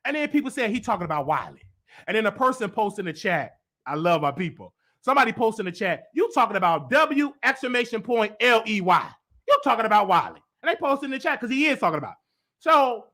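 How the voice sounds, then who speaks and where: Animated, bright-voiced man ranting. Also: very high-pitched. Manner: animated, emphatic, repetitive, with acted-out quotes. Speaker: host. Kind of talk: heated live-stream rant.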